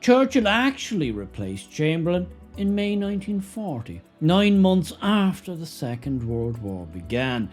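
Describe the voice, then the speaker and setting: A sardonic man delivers political commentary with a lively, swooping pitch. His tone is mocking and emphatic. Faint music plays under him. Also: unhurried, hardly any pauses. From Ireland.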